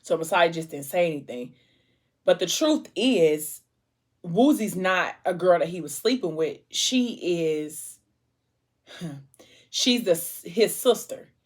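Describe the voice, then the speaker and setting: Chatty woman retelling a story, low voice. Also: expressive, slow pace. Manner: chatty, retells scenes with lots of "like". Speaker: vlogger retelling a book's plot. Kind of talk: casual storytelling over a snack. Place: at home, eating a fruit tray.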